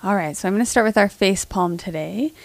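A woman in her thirties co-hosts a podcast in casual chat, with a soft voice that doesn't carry. She is self-deprecating and laughs often. The sound is dry and close. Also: medium pitch, a little fast, creaky, no echo, faint music behind. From United States. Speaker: podcast co-host.

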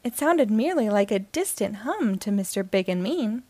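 A woman hosting and reading a children's book aloud in a slow, expressive way. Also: medium pitch, dry recording. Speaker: host and reader.

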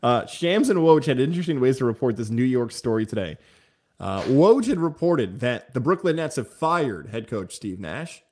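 Sarcastic, fast-talking male sports host. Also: mid-range voice, very animated, darkish tone. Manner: fast, sarcastic, gossipy delivery. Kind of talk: casual sports talk.

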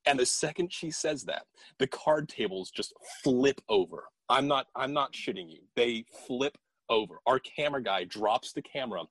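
A man casually telling a ghost story from an investigation, animated and swearing, quoting the people in it in his own voice. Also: medium pitch, normal speed, husky, no room sound.

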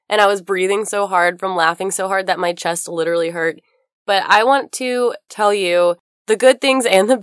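A woman's voice: fairly low pitch, a bit bright, clean tone, no echo, clean studio sound. A young woman hosting a podcast, telling a story in a chatty way while getting over a cold. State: recovering from a cold. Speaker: podcast host. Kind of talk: casual chat.

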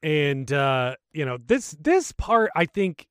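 A man co-hosting a gaming podcast, relaxed and joking as he walks through the gameplay. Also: on the high side, slow pace, clear, resonant tone, no room sound, clean studio sound. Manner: relaxed, narrates gameplay, jokes. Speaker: podcast co-host. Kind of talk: casual gaming chat.

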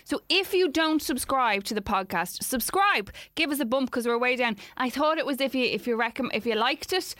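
Bright-voiced cheeky Irish woman. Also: high voice, expressive, moderate pace, few pauses, no echo, clean studio sound. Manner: cheeky, crude jokey banter. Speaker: podcast co-host. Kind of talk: casual podcast chat.

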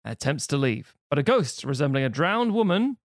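A man co-hosting a casual podcast, jokingly narrating a film pitch in long stretches. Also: big pitch swings, fairly quick, no echo, clean studio sound. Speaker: podcast co-host.

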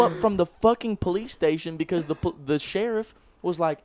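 Animated young man telling a story. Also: high-pitched, moderate pace. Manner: animated, swears a lot, acts out quotes. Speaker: podcast co-host. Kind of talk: casual chat, storytelling. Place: small room, close mic.

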